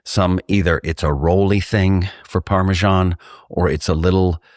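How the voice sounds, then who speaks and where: A man from Texas co-hosting a podcast, telling rambling, animated stories in casual chat. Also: low voice, moderate pace, no room sound, studio quality. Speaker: podcast co-host.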